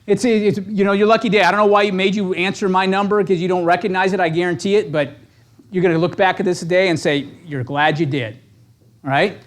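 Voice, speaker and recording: A man giving an energetic motivational training talk to real estate agents, punchy and conversational, constantly checking in with "right?". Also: high voice, fast.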